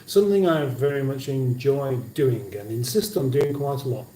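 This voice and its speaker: A man's voice: mid-range voice, normal speed, warm tone, slight background noise. A man hosting a cooking livestream from his home kitchen, chatting casually and reading viewer comments aloud with dry banter. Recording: roomy kitchen sound from a distance.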